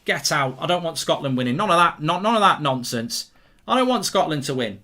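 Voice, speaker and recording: Excitable English man hosting football watchalong. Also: on the high side, a little fast. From England. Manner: excitable, rambling, reads viewer comments aloud. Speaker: host. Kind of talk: live football watchalong commentary.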